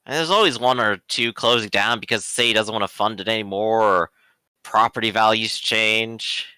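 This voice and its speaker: A man's voice: lowish voice, normal speed, bright, forceful tone, smooth, no echo. A man voicing a busy middle-aged city campaigner who rambles and hesitates with many fillers.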